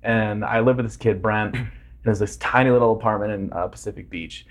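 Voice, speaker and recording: Relaxed male host in his thirties, spins anecdotes. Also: on the low side, a little fast. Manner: laid-back storyteller who acts out voices and laughs often. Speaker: podcast host. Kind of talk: casual chat.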